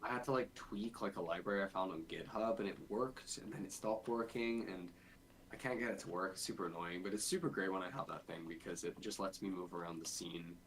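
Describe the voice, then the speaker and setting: A man's voice: low-pitched, a little fast, a bit bright, low-quality recording. A man streaming game development, thinking aloud in a casual, rambling way with lots of fillers. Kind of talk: casual dev stream chat.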